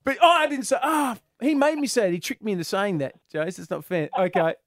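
A man with an Australian accent hosting a radio show, bantering and talking with callers, often getting excited. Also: brisk, no echo, studio quality. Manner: excitable, goes high and loud when amused. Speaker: radio host. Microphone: studio microphone.

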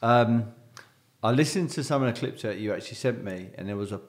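A man's voice: mid-range voice, expressive, a little fast. A man hosting an interview, asking questions in loose, searching phrasing. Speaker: podcast host.

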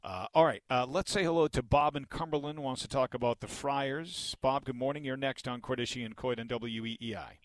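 A man's voice: medium pitch, brisk, hardly any pauses, dry recording. A man hosting a sports talk radio show, making his points emphatically and leaning on repeated words. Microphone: studio microphone.

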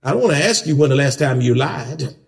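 A male pastor preaching a sermon, building from steady teaching to shouted emphasis. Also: a little fast, gravelly. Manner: preaching with big pitch swings, rising to shouts.

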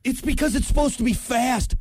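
A man co-hosting a podcast, telling a story in animated, exasperated casual chat. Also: very high-pitched, brisk, breathy edge, dry recording. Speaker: podcast co-host.

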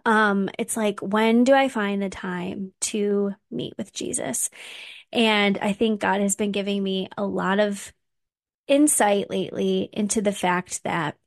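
Earnest woman podcast host, mid-pitched, dry close recording, heartfelt chat. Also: fairly even intonation, unhurried, no echo. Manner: earnest and heartfelt, getting emotional. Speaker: mom. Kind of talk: casual faith podcast talk.

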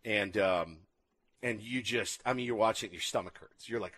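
A man co-hosting a casual chat, retelling a documentary with animated storytelling and acted-out quotes. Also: lowish voice, moderate pace, breathy edge. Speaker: podcast co-host.

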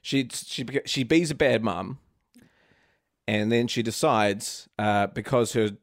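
A man's voice: medium pitch, measured pace, dry recording, studio quality. A man co-hosting a comedy podcast, chatting and joking with plenty of restarts. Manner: rambling, jokey, frequent restarts. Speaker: podcast co-host. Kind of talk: casual comedic chat.

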